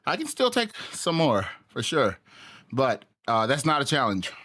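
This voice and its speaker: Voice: mid-range voice, wildly swooping pitch, unhurried, fairly bright tone. A live streamer chatting casually to viewers while out of breath from exercising, sighing and puffing between sentences.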